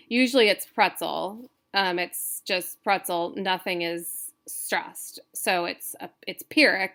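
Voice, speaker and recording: A woman teaching a recorded class in a slow, unhurried voice. She stops and restarts often, filling the gaps with ums and correcting herself. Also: mid-range voice, vocal fry, a bit bright. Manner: halting, many fillers and self-corrections. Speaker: instructor. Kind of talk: recorded lecture.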